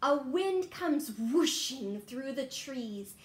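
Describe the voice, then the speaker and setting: Woman teacher for a storytime read-aloud, playful and animated, in a room with noticeable echo. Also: on the high side. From Texas. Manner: playful and animated, pauses for kids to guess, hushed asides. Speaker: teacher reading to children. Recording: roomy echo.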